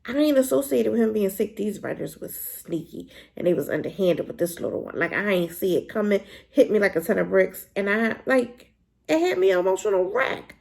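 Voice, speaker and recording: A woman giving a casual, animated spoken review of a drama, talking in a colloquial, emphatic way. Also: fairly quick, creaky. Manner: animated, emphatic, colloquial with pitch jumps when worked up.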